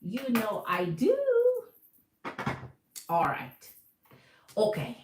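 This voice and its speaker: Jamaican woman tarot reader, low voice, echoey room, lively and repetitive. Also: extremely slow, a little hiss or hum. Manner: animated, repeats phrases, calls viewers Queen. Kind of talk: live tarot reading to viewers.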